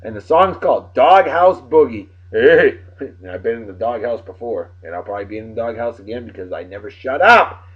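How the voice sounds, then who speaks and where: A man from Massachusetts with a Massachusetts accent, hosting a casual solo show, rowdy and boastful, breaking into loud whoops. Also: medium pitch, expressive, moderate pace, breathy edge, muffled recording. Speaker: host.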